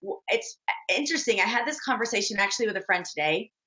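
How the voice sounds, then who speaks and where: A woman's voice: mid-range voice, expressive, quick pace, pushed and bright. A woman in her forties, a guest in an interview, talking earnestly and chattily about her life. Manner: earnest storyteller, chatty with fillers. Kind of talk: casual interview chat. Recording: dull lo-fi sound.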